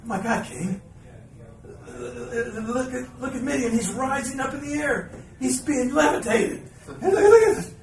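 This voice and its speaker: A man impersonating an excitable male TV announcer, his voice jumping far higher and louder as he relays breathless disbelief. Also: a little slow, heavily acted. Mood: frantic. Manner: breathless, escalating high-pitched excitement. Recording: roomy live room from a distance with background noise.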